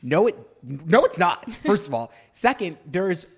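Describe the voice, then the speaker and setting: A man hosting a podcast, telling a story in an animated rant and swearing freely in casual chat. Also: high voice, unhurried, husky. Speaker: podcast host.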